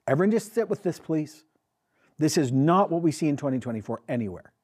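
Husky, animated pastor preaching a sermon. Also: male voice, on the high side. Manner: emphatic, asks the congregation questions. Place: church with a congregation.

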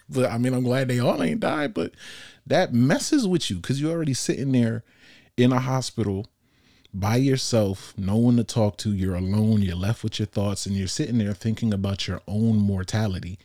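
A young man talks straight into a close mic, his low voice mellow and warm. He tells a personal story casually and bluntly, full of slang. The sound is dry, with no room around it. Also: normal speed, dry recording. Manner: casual, animated, laughs often, slangy and blunt. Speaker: podcast host. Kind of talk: candid solo podcast storytelling.

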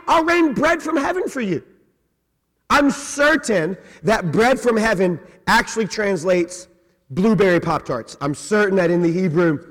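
Animated preaching man, high voice, reverberant hall. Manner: animated, conversational preaching with repeated "right?" asides and joking. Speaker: pastor. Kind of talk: sermon. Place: church sanctuary.

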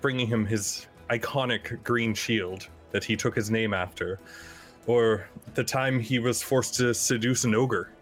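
A man playing a tabletop game, giving an in-character eulogy in a halting, earnest way with many fillers. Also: mid-range voice, a bit bright, soft background music. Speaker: player.

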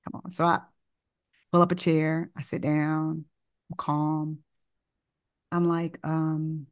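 A woman doctor telling a story in casual conversation, with informal wording and lively acted-out dialogue. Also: low voice, slow, pauses often, clear, resonant tone. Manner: animated, acts out dialogue in the story.

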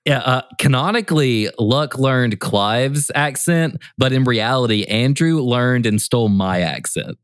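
A man's voice: mid-range voice, a little slow, hardly any pauses, clean tone, dry recording, clean studio sound. A man on a casual podcast, giving a long, rambling, self-deprecating answer. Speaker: podcast co-host and player.

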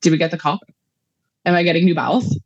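A woman in her thirties talks through a long personal story, wandering and filling pauses with "um" and "like." Her voice sits low for a woman. The sound is dry and slightly muffled, with no room in it. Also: steady tone, breathy edge, no echo. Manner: rambling, emotional storytelling with many fillers. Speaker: guest, mother of a child patient. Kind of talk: conversational interview.

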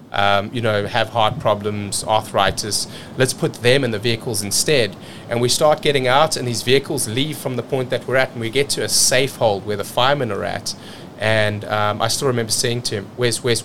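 A man from South Africa telling a story as a podcast guest, energetic and repeating words as he rushes on. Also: mid-range voice, a little hiss or hum. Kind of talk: casual storytelling.

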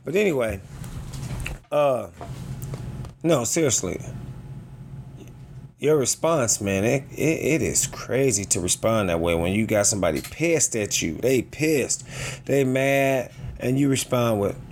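A man hosting a casual motivational podcast, talking in a joking, animated way and acting out the people in his stories. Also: medium pitch, measured pace, long pauses, a little hiss or hum. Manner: joking, animated storytelling with quoted voices. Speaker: podcast host.

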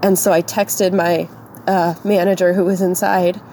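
Woman recounting something that happened to her, raspy fry, dark mellow tone, a little background hiss. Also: lowish voice, level tone, normal speed. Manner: tearful and shaken, voice breaking; casual, lots of "like". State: crying. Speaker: podcast co-host. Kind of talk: personal storytelling.

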